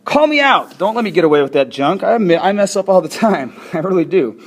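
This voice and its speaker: A man's voice: high-pitched, expressive, quick pace. A man teaching a recorded lesson, walking students through a worksheet in a chatty, self-deprecating and encouraging way. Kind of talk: recorded classroom lesson walkthrough.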